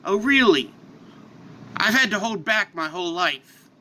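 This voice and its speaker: A man's voice: high-pitched, lively intonation, measured pace, bright, forceful tone, slight background noise, full character voice. A man voicing a strong, friendly male superhero who talks in an earnest, bold way.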